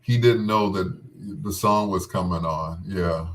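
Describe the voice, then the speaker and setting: A man with a low, deep voice speaks slowly as he fondly recalls a day that moved him. His talk halts and restarts, trailing off into pauses. He is tender and close to tears. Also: slight background noise. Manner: tender and tearful. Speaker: friend recalling a wedding. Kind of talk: casual heartfelt reminiscing.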